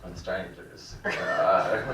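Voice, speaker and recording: A man's voice: sits low, level tone, drawn-out words, background noise. A man in his twenties doing a rambling, self-deprecating stand-up set in a small cafe room. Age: 20s. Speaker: stand-up comedian. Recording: roomy, distant mic.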